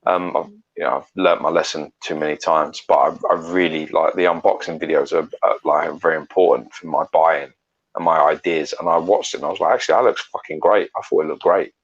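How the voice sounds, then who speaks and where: Deep gravelly man co-hosting. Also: steady tone, brisk, dull audio. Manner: blunt and sweary, talks at length about statues. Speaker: co-host. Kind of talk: casual chat.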